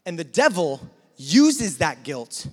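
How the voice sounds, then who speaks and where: A man telling a lively personal story in a sermon, sometimes imitating gunfire and shouting. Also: fairly high pitch, slow pace, breathy edge. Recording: long reverb of a hall.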